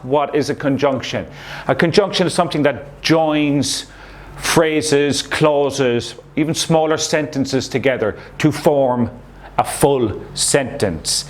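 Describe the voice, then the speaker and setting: A man's voice: mid-range voice, a little hiss or hum. A man teaching a recorded English lesson to young pupils, explaining patiently and checking in with "okay?" as he goes. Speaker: primary school English teacher.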